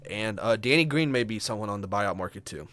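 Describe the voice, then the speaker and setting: A man co-hosting a podcast, walking through the trades in a casual chat with fillers and quick asides. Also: fairly low pitch, animated, fairly bright tone. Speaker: podcast co-host.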